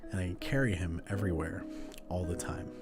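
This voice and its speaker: Young man in his twenties, low-pitched and talkative, as a host of a casual journaling stream. Light-hearted, self-mocking delivery. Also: fairly quick, a little mellow. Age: 20s. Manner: chatty and playful, often laughing at himself. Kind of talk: casual live chat while journaling. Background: background music.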